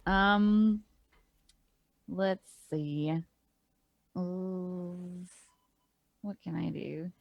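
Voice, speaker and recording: A woman's voice: fairly low pitch, fairly even intonation, drawn-out words, creaky, pauses often, dull audio. A woman playing in a tabletop game, chatting casually about her options. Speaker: player.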